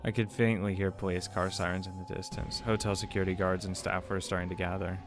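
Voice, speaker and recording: A man with a low voice reads a visual novel aloud in an even, level tone. He trips over words, restarts them, and drops casual, profane asides between lines. Soft music plays behind him. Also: quick pace. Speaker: let's play narrator.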